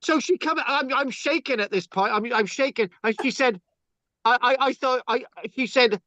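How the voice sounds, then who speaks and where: A man's voice: very high-pitched, moderate pace, sharp tone, no room sound. A man telling stories in casual chat, rambling and stammering, tagging lines with "right?". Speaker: channel host. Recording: dull lo-fi sound.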